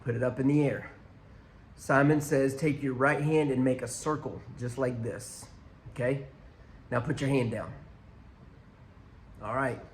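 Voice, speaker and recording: A man's voice: medium pitch, fairly even intonation, a little slow, pauses often, slight background noise. A man preaching a conversational sermon to viewers watching online, speaking through a church sound system. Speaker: pastor.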